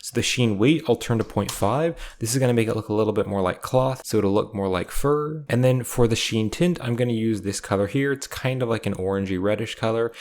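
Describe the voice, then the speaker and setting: Calm lower-voiced man teaching software. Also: brisk, hardly any pauses. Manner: calm, methodical, explains each click. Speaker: software tutorial instructor. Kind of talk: step-by-step screen-recorded tutorial narration.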